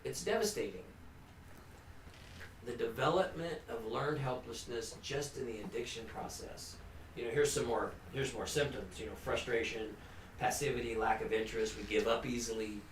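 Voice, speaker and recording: A man's voice: medium pitch, moderate pace. Recovery counselor guy talking to a family group, earnest and chatty, lots of restarts, sounds far off in a roomy hall. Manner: earnest, conversational, with repeated restarts and frequent "you know". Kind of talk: informal lecture to a family group. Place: meeting room. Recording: echoey room, distant mic, faint hum.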